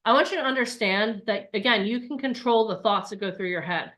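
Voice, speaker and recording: A woman in her forties, a coach giving a lively live online workshop and acting out voices. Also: medium pitch, brisk. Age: 40s.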